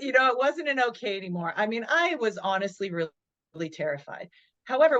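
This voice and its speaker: A woman's voice: fairly high pitch, highs cut off. Woman in her forties telling a story. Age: 40s. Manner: lively, acts out her own inner dialogue. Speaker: podcast guest, motivational speaker. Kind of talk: storytelling in an interview.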